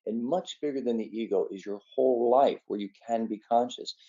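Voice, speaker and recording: Male speaker, earnest meditation talk, mellow dark voice, dull lo-fi recording. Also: mid-range voice, brisk. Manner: earnest, conversational, tells a folksy story. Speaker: physician giving a meditation talk.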